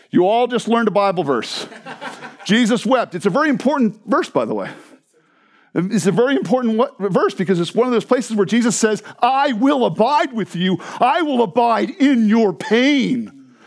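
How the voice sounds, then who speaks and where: A man preaching a sermon, with a high-pitched voice that leaps and falls in a very animated way. He jokes and laughs with the congregation, then drops to near-whispers before building back up to strong exclamations. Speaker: pastor.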